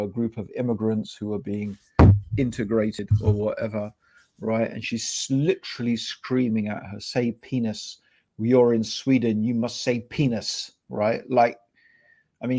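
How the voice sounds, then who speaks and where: A middle-aged man co-hosting a podcast in casual chat, animated and peppering his talk with "bro" and "right?". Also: on the low side. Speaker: podcast co-host. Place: podcast studio.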